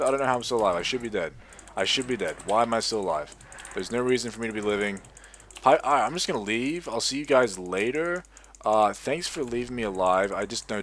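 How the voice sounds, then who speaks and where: A man's voice: medium pitch, animated, fairly quick, fairly bright tone. A sleep-deprived young man giving rambling, profane, self-mocking commentary while he plays an online game. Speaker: gaming video creator. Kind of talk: casual gameplay commentary.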